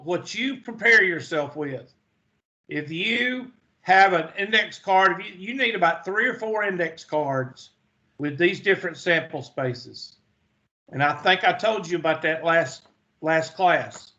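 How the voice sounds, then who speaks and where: A man with a high, bright, forceful voice teaches a math class, slow and deliberate, tossing in folksy jokes along the way. The classroom lecture is captured in a dull, lo-fi recording.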